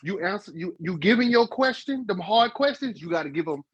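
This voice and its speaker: A man's voice: high voice, animated, fairly quick, husky, dry recording, lo-fi sound. A man co-hosting a relationship advice podcast, talking casually and animatedly, with emphatic repeats. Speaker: podcast co-host.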